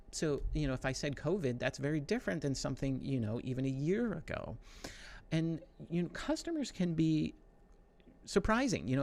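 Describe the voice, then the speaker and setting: A middle-aged man giving a conversational tech presentation, with lots of fillers and quick asides. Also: medium pitch, creaky, darkish tone. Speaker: conference speaker.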